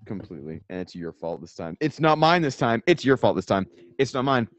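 Young dude on a podcast, voice jumps all over, trails off mumbling, super dry mic. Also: male voice, medium pitch, fairly quick, dry recording. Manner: animated, jokey, drops to a mutter at line ends. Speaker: podcast co-host. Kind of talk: casual chat.

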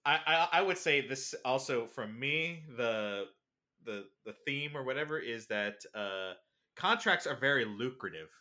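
Guy cohosting, bright tense voice, gets animated retelling stuff. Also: mid-range voice, a little slow. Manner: animated, quoting scenes, laughing. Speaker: podcast co-host. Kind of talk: casual chat.

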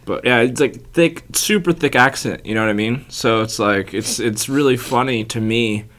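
A man's voice: medium pitch, moderate pace, fairly bright tone. A young man and stand-up comic, telling stories in a laid-back, swearing, casual chat.

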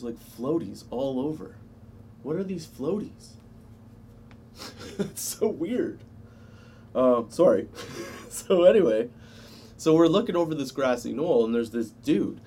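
A man's voice: medium pitch, dark tone, slight background noise. A man telling a casual personal anecdote, swearing freely and chuckling often as he goes. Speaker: storyteller.

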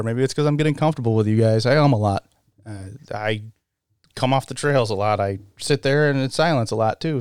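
A man talks through his own podcast alone, wandering off topic and joking at his own expense. His voice is smooth and clear at an ordinary male pitch. The recording is dry and close, with no room sound. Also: a little mellow, dry recording. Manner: rambling, self-mocking, laughs often. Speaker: podcast host. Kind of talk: casual solo podcast chat.

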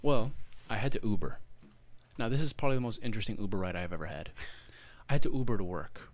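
A young man co-hosts a podcast, talking quickly in a fairly low voice. He's animated as he tells a story in casual chat, swearing freely and acting out what people said.

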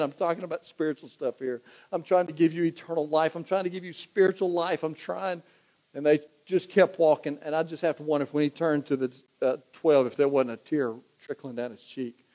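A man's voice: on the high side, warm tone. A man preaching a sermon, talking conversationally and building to emphatic repetition. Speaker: pastor.

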